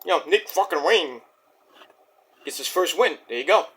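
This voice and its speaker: A man giving a casual, rambling vlog review of a wrestling show, cursing freely and filling pauses with lots of "uh.". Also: a little high, expressive, fairly bright tone. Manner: rambling, profane, many fillers.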